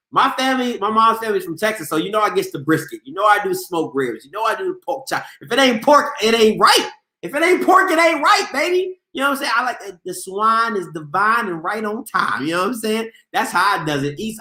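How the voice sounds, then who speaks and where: A man's voice: high voice, reverberant. A man from Maryland hosting a sports show, chatting casually and arguing playfully with his viewers. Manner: animated, playful, argumentative banter. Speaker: sports show host reading chat. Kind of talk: casual live-stream chat.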